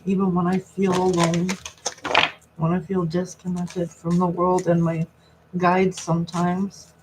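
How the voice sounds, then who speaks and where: A woman tarot reader on a live stream, talking softly and reflectively as she passes on messages from a spirit. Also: on the low side, completely flat delivery, unhurried. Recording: noisy recording with clicks.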